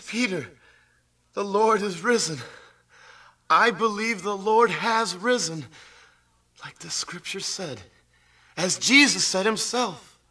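A man's voice: high voice, sharp tone, far from the mic, heavily acted. A man playing a young disciple in a radio drama, awed and breathless.

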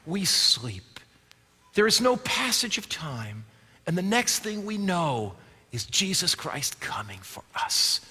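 Male pastor preaching a sermon, high bright voice, long hall reverb behind him. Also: big pitch swings, slow pace, breathy edge. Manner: preaching, rising to forceful exclamations then dropping to quiet asides.

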